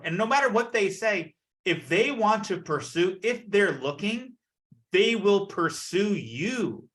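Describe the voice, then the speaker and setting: A man coaching a business community on a video call, energetic and playful, acting out the people he quotes. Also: high voice, unhurried. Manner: energetic, acts out quoted voices. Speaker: network marketing leader.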